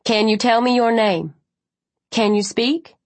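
A woman's voice: on the high side, a little slow, no echo, voice pushed up, close to an everyday voice. A woman voicing a serious young female paramedic who asks clipped, urgent questions. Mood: urgent, clinical.

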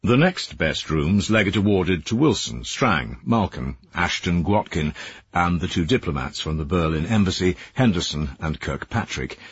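A man narrating an audiobook in a measured, expressive way. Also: deep voice, breathy edge, no room sound, highs cut off.

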